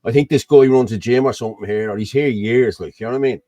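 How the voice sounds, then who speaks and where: A man's voice: mid-range voice, quick pace, dark tone, no room sound. A man with an Irish accent hosting a casual chat over a video call, rambling and often asking "you know what I mean". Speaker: host.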